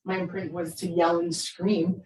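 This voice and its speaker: A woman in her fifties with a fairly low voice speaks as a therapist to a group of parents. Her delivery is chatty, and she keeps checking in with "right?". She sits well back from the microphone in an echoey room. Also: flat delivery, moderate pace, darkish tone. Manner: conversational, keeps asking "right?"; acts out quoted lines with big voice shifts. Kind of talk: presentation to parents. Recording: roomy echo, speaker far from the mic.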